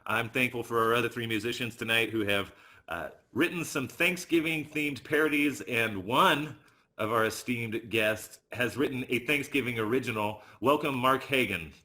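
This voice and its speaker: Upbeat guy hosting a virtual open mic, bright voice. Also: mid-range voice, normal speed.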